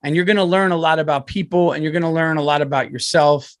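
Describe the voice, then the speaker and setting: A man, telling a rambling, profane story on his podcast and loudly acting out other people's voices. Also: on the high side, fast, dry recording, clean studio sound. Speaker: comedian and podcast host. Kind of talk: casual storytelling.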